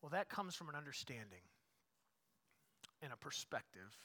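A man preaching a sermon as pastor, repeating his points, rising to loud emphatic peaks and dropping to quiet asides. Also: a little high, sing-song, normal speed. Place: church.

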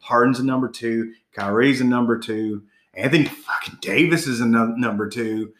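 A man's voice: mid-range voice, moderate pace, slight background noise. Man, heated, profane, casual sports talk, echoey room.

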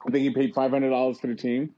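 A man's voice: medium pitch, quick pace. A man chatting on a podcast, telling travel stories with lots of swearing and restarts. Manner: profane, animated storytelling with many restarts. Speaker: podcast co-host. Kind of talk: casual chat. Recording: dull lo-fi sound.

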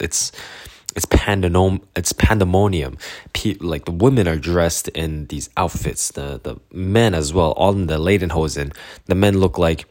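A man's voice: rumbling low, no room sound, clean studio sound. A young man from Canada telling a rambling travel story in casual chat, laughing often and acting out the people he quotes.

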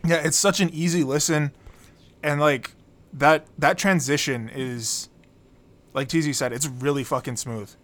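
A man co-hosting a casual music podcast, relaxed and swearing freely while breaking down lyrics. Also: on the high side, unhurried. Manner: laid-back, swears casually, stammers on restarts. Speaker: podcast co-host. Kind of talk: casual album review chat.

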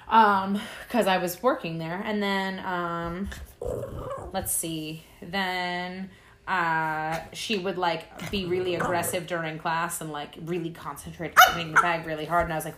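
A woman's voice: lowish voice, fairly even intonation, moderate pace, background noise. A woman co-hosting a casual podcast with her girlfriend, wry and dry in her remarks. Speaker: podcast co-host. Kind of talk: casual chat.

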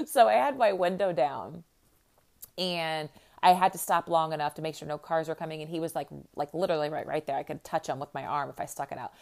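A middle-aged woman from the Midwest talks straight to her listeners in a loose, friendly monologue. Her voice sits a little low for a woman. She keeps a chatty, upbeat flow, leaning on lots of "like" and "you know.". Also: brisk, vocal fry, darkish tone. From American Midwest. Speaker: podcast host and life coach.

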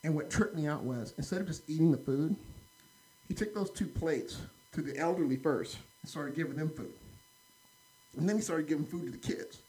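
In a casual podcast conversation, a man from the United States spins an animated, rambling anecdote, leaning heavily on "like" and "right?" His pitch is fairly high and his speed normal, and the audio is poor.

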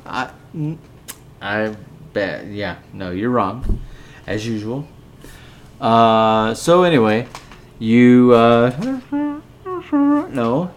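A man's voice: lowish voice, very slow, pauses often, slight background noise. A drunk man hosting a podcast, rambling and swearing as he bickers with a co-host. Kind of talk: casual drunken rant.

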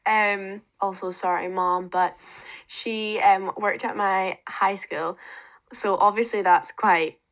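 A woman's voice: mid-range voice, fairly even intonation, takes it slowly, fairly bright tone. A young woman from the UK co-hosting a casual chat, telling stories with "like" and "um" fillers and frequent giggles. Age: young adult. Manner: storytelling, giggly, many "like" and "um" fillers. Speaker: podcast co-host.

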